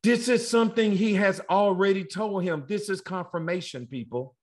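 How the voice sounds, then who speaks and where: A man teaching a Bible study, excitable and exclaiming, speaking directly to his listeners. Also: high-pitched, normal speed.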